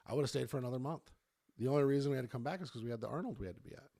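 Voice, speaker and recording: A man's voice: mid-range voice, very fast, gravelly, mellow. A man hosting a podcast as a fitness coach, chatting loosely with laughter and swearing. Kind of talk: casual chat.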